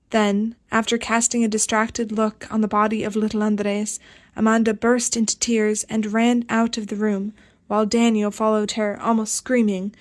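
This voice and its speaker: This is scripted audiobook narration from a woman whose voice sits in the mid-range. She reads steadily, keeping an even, measured tone.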